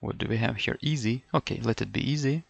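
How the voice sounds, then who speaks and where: A man's voice: mid-range voice, quick pace, gravelly, slightly rough, dry recording, muffled recording. A middle-aged man from Ukraine tutoring for a language test, thinking aloud and repeating words with many fillers and self-corrections. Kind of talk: thinking-aloud lesson over a screen.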